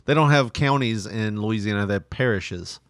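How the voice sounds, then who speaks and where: A man's voice: on the low side, normal speed, fairly bright tone, no room sound, studio quality. A man co-hosting a casual podcast, laughing often and reading news stories aloud with joking asides. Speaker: podcast co-host.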